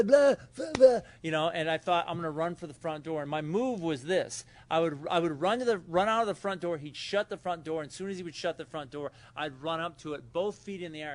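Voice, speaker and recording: Rambling man telling his recovery story. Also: fairly high pitch. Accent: Southern California. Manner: loose, rambling, acts out quotes loudly. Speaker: recovery meeting speaker. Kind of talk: personal story told to a meeting. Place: hotel meeting room.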